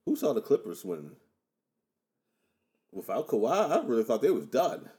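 A man in relaxed podcast banter, joking, rambling through slang and restarts, and cracking himself up. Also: mid-range voice, moderate pace. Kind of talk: casual chat.

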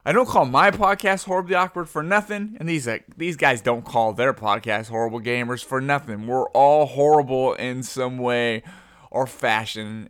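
A man's voice: medium pitch, unhurried, no echo, clean studio sound. A young man hosting a podcast, rambling casually through a goofy, self-deprecating intro. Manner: conspiratorial hushed teasing at the start. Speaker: podcast host.

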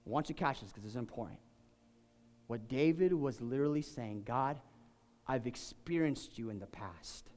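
A man preaching a sermon, swinging from quiet, intimate talk to shouted, fervent peaks. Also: medium pitch, lively intonation, moderate pace. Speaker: pastor. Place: church sanctuary. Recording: long hall reverb, faint music.

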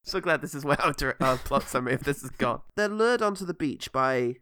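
A man's voice: medium pitch, expressive, fairly quick, sharp tone, slight background noise. A man co-hosting a casual film podcast, summarizing plots with dry, wry asides. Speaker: podcast co-host.

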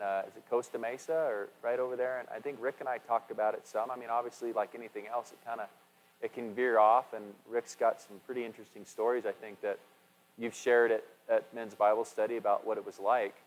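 A man's voice: medium pitch, fairly even intonation, brisk. Man preaching in an echoey hall. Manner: chatty, asks the congregation questions, restarts often. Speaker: pastor. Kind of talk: conversational sermon. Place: church sanctuary. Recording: echoey hall with long reverb.

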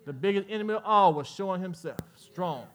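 A man preaching a sermon as pastor, swinging between quiet asides and loud, rising exhortations. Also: high-pitched, a little fast. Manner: preaching with swells of volume and playful asides to the congregation.

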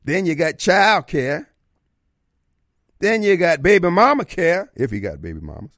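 Male radio host; folksy, theatrical monologue, pitch bounding all over, a touch high. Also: big pitch swings, unhurried, a bit bright, dry recording, clean studio sound. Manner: theatrical, folksy, slips into voices and asides. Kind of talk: opinionated talk radio monologue. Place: radio studio.

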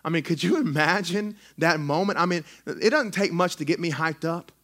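A man, a pastor preaching a sermon in a church in an excitable, conversational way with frequent restarts. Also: on the high side, normal speed. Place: church sanctuary.

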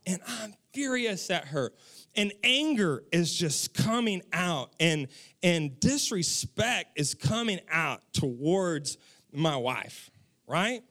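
Animated high-voiced man preaching a sermon. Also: slow. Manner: animated storytelling, acting out his own quotes. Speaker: pastor.

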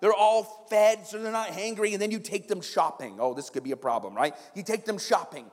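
High-voiced, joking pastor in a hall. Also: male voice, brisk. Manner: humorous, conversational, keeps asking "right?". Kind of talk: sermon. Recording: long reverb in a big hall.

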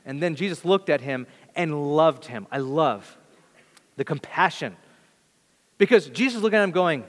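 A man preaching a sermon as pastor, animated and acting out quoted voices, with some stammers. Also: fairly high pitch, moderate pace. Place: church sanctuary. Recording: long reverb of a church hall.

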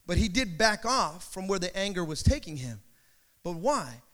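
Male preacher, very high and bright voice, emphatic and direct with the congregation, in a church service. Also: big pitch swings, moderate pace. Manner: direct, emphatic address to listeners, repeating phrases. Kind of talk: evening sermon to a congregation.

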